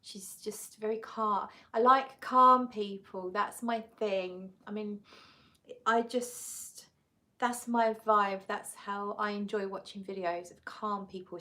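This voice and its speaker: A woman's voice: medium pitch, pushed and bright. A woman hosting a live stream, chatting casually as she reads out viewer comments, giggly and often correcting herself. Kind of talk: casual chat.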